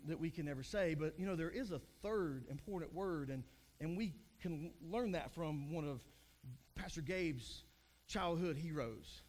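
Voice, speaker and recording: A middle-aged man preaching a sermon to a congregation in a chatty, self-deprecating way, with small restarts. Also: sits high. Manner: chatty, self-deprecating, acts out joke voices. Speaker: pastor.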